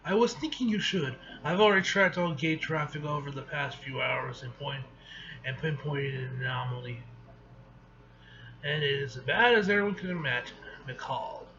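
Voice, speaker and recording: An earnest, scholarly male hero explains things in a measured way, as a man reads him aloud. The voice is bright and fairly high. The sound is dull and lo-fi.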